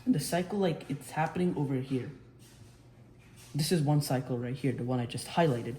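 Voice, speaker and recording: A young man tutors physics casually while sketching on a whiteboard, frequently restarting and correcting himself. His mid-range voice has a dark tone and moves at a normal speed. The room sounds spacious, with faint background noise.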